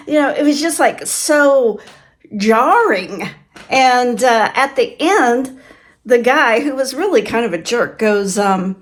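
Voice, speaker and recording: An older woman from Kansas, USA, hosts a casual vlog channel from her farm home, telling stories in a somewhat high voice at a slightly slow pace. She's chatty, laughs often, and acts out the voices she quotes.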